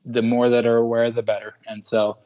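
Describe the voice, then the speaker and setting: A man in his twenties from Washington State, a guest talking earnestly and haltingly with many pauses. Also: mid-range voice, monotone, dark tone, lo-fi sound. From Washington State, USA. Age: 20s. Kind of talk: casual interview chat.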